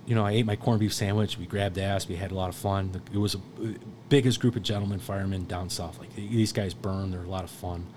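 Guest on a podcast: low-pitched man, casual and profane, rambling anecdotes, faint noise behind. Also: steady tone, fast talker, few pauses, darkish tone. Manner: rambling, profane storytelling with quoted voices. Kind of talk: casual chat.

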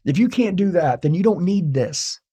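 A man's voice: sits high, animated, moderate pace, warm tone, husky, voice pushed up. A man voicing his exasperated wife, who pleads and insists that he be present at home. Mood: insistent. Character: exasperated wife demanding her husband be present.

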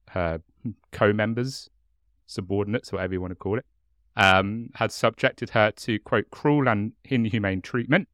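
A man with a southern English accent hosts a casual podcast in a lowish voice. He reads through notes with a chatty, joking delivery, padding with ums and laughing along. The sound is close and dry. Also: fairly bright tone, no room sound. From England. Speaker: podcast host.

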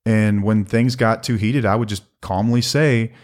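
A man with a low-pitched voice co-hosts a relaxed conversational podcast. He is middle-aged and speaks in an earnest, measured way, with a playful, teasing streak. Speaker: podcast co-host.

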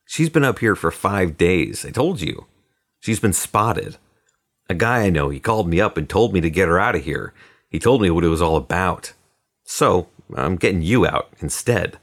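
A man voicing a quiet, plump middle-aged hotel detective who speaks softly, calmly and unhurriedly. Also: sits low, exaggerated voice. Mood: dry. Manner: soft, calm and unhurried.

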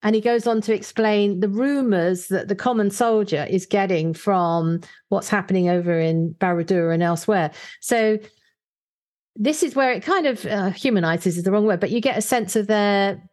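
A woman's voice: medium pitch, normal speed, darkish tone. A woman in casual discussion, thinking aloud with frequent fillers and reading short book passages aloud. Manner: thoughtful, hesitant, many fillers, reads book passages aloud.

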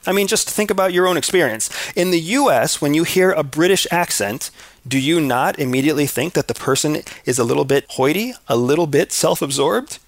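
An American man giving a scripted talk on culture, measured, often putting rhetorical questions to the listener. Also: fairly high pitch, lively intonation, no echo. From United States.

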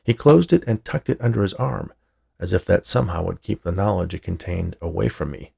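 Gravelly, husky male storyteller. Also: deep voice, expressive, darkish tone. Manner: dry, measured storytelling. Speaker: narrator. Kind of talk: scripted narration.

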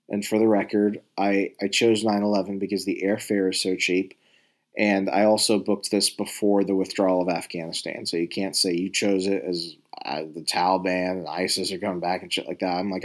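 A man telling a rambling, profane story in a casual monologue, exasperated and full of restarts. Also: fairly low pitch. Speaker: talker recounting travel stories.

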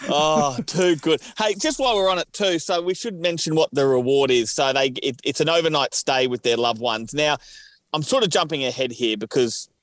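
Hesitant man, slightly high voice. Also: moderate pace, fairly bright tone, dry recording. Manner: hesitant, many fillers and restarts. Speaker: podcast co-host. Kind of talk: casual chat.

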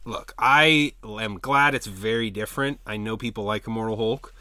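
A man's voice: on the low side, normal speed, bright, forceful tone, dry recording. A man co-hosting a podcast in casual chat, wry and joking, recorded in a comic book store. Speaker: podcast co-host.

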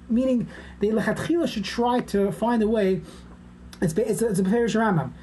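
A woman's voice: medium pitch, warm tone, slight background noise. A woman giving an informal, conversational lecture as a class teacher, explaining points step by step.

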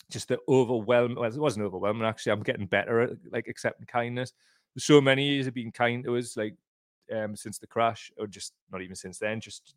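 A man's voice: medium pitch, dry recording, clean studio sound. A man hosting a casual livestream, rambling, heartfelt and sweary. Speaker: podcast host.

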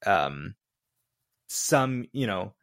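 A man co-hosting a podcast, chatting casually about a film, animated and excitable, with lots of filler words and frequent laughs. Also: on the low side, extremely slow, dry recording, studio quality. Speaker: podcast co-host. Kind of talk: casual movie review chat.

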